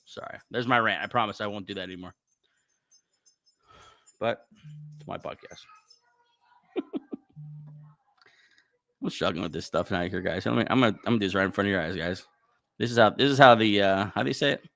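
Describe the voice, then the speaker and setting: A man's voice: fairly low pitch, rapid-fire, creaky, a bit bright. A man hosting a casual livestream podcast, chatting in a rambling way with lots of fillers and restarts. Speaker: podcast host.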